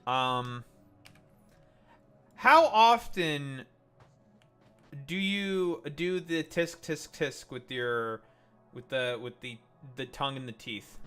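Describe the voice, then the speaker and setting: A man's voice: mid-range voice, lively intonation, takes it slowly, pauses often, sharp tone, smooth, faint music behind. A man streaming in casual chat, teasing and swearing freely. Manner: crude, teasing, swears a lot.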